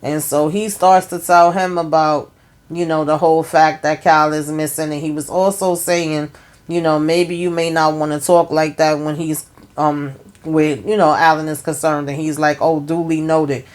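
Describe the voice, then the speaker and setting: A woman's voice: low-pitched, little pitch movement, moderate pace. A woman casually recapping a TV episode, retelling scenes as quoted back-and-forth dialogue with lots of fillers. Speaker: TV recap host.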